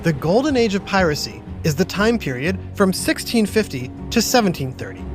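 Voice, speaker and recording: A man with a high, sing-song voice hosts and narrates a children's educational podcast at a normal speed. He's playful and theatrical, and music plays beneath his voice.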